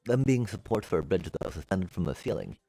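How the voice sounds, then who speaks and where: A man streaming a building game, musing aloud to his chat in a relaxed way and making playful beep-boop noises as he works. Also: low-pitched, fairly quick, creaky, no room sound. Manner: chatty, musing aloud, makes beep-boop sound effects. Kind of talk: casual gameplay commentary to live chat.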